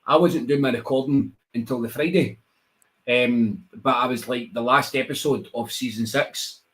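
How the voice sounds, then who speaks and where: A man's voice: medium pitch, normal speed. A Scottish man, a wrestler guest on a radio show, telling stories in casual chat and acting out the voices. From Scotland. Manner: animated storyteller, acts out voices, laughs often.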